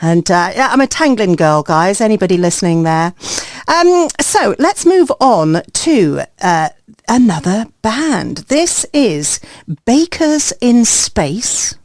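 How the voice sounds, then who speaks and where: A woman's voice: mid-range voice, very animated, a little slow, dry recording, clean studio sound. A woman who grew up in Singapore, hosting a radio panel show, hesitant with repeated words yet enthusiastic. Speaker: radio host.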